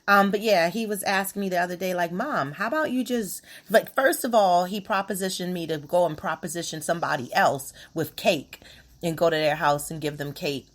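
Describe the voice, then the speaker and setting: A woman, hosting a casual solo podcast in a brash, profane, animated way with sudden loud outbursts. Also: lowish voice, brisk. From Baltimore area, USA. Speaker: podcast host.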